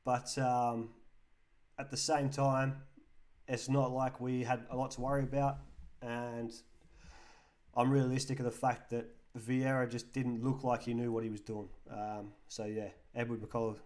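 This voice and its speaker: English male stream host, relaxed and chatty, reads out and answers chat comments. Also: medium pitch, a little slow. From England. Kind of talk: casual live-stream chat reading comments.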